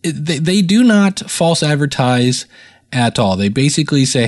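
A man's voice: fairly high pitch, very animated, moderate pace. An American man hosting a podcast in a chatty, rambling, self-deprecating way. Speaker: podcast host. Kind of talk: casual solo podcast talk.

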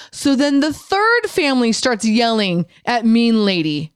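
A middle-aged woman tells a story on her podcast in a fairly high voice that swings all over. She swears freely and acts out the people in her story. The sound is dry and close. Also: measured pace, few pauses, clear, resonant tone, dry recording. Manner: animated, profane, acts out quoted voices. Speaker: podcast host. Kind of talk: casual chat, storytelling.

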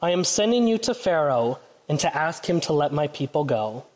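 A man's voice: a little high, sing-song, normal speed, a little mellow. A man voicing a commanding, thundering God from a burning bush, reading a children's storybook aloud in a church. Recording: reverberant church hall.

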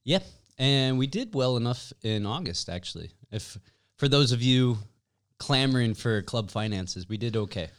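Wisecracking man with a lively voice. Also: mid-range voice. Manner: wisecracking, quick teasing asides. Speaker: podcast co-host and club co-owner. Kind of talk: casual chat.

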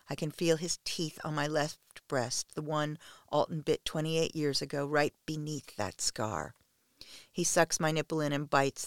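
A man reading a first-person story aloud in a slow, hushed, measured way. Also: a little high, creaky, dry recording, clean studio sound.

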